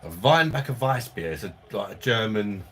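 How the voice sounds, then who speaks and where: A man's voice: fairly low pitch, animated, moderate pace, fairly bright tone. A man hosting a casual live stream from home, chatting and joking with viewers and laughing often in a loose, rambling way. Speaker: live-stream host reading viewer chat.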